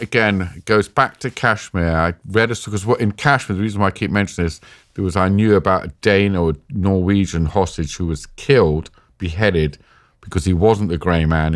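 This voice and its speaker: A British man, an interview guest, telling a personal story in a halting, emotional way, sometimes choked up. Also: low-pitched, dry recording, clean studio sound. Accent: British English. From Britain. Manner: halting, emotional retelling with restarts. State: choked up at times.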